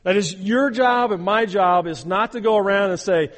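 Male pastor, fairly high voice, earnest sermon, long hall reverb. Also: moderate pace, hardly any pauses. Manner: earnest, repeats words when starting sentences, frequent okay and all right.

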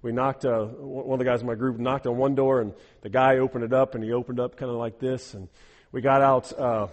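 A man preaching a sermon, animated, acting out the people he quotes and often repeating words as he goes. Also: medium pitch, fairly quick. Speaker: pastor. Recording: echoey hall with long reverb.

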